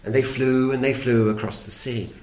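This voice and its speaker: A middle-aged man reading a children's story aloud to an audience, playful and expressive, dropping very soft for suspense. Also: mid-range voice, normal speed. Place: talk hall. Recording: echoey hall.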